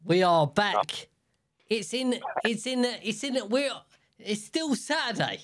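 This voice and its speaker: Young man, podcast host, casual rambling chat, jokey, slightly high voice. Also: sing-song, slow, fairly bright tone. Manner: rambling, jokey, many fillers and restarts.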